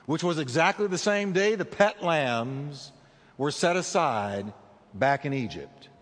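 A man preaching a sermon as pastor, with dramatic delivery that slows down for emphasis. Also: long reverb tail. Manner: dramatic preaching with big swings in pitch and slowed emphasis.

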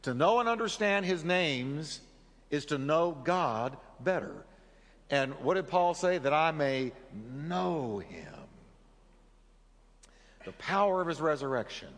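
A man's voice: a little high, very animated, moderate pace, in a large hall. A man preaching a sermon as pastor. He leads the congregation in reading and prayer and speaks earnestly.

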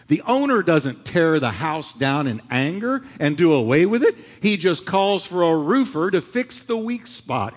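Male pastor, middle-aged, dramatic sermon, loud-to-hushed swings, very expressive pitch. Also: breathy edge. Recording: long hall reverb.

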